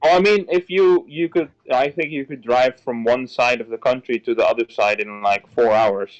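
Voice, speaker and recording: A man's voice: mid-range voice, dull audio. A man from the Netherlands, chatting casually, reacting with disbelief and swearing. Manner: incredulous, swears, quick reactions. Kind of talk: casual chat.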